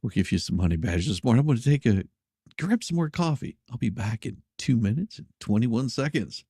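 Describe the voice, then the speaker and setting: Giggly man with very lively pitch. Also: fairly quick, husky. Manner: laughs often, giggly and teasing. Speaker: host. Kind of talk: casual news commentary.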